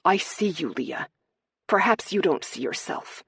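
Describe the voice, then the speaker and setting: A woman's voice: on the low side, expressive, measured pace, creaky, fairly bright tone, husky, no room sound, studio quality, exaggerated voice. A woman voicing a brooding noble lord, commanding and also tender toward the woman he speaks to.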